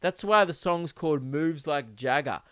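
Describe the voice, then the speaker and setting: A man's voice: a little high, expressive, moderate pace, fairly bright tone, no room sound, studio quality. A young man hosting a podcast, rambling through a sweary comedic monologue and laughing at his own jokes.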